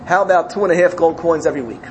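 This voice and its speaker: A man voicing a poor pious man who earnestly bargains in prayer, his pitch rising. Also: rapid-fire, slight background noise, close to an everyday voice. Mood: pleading.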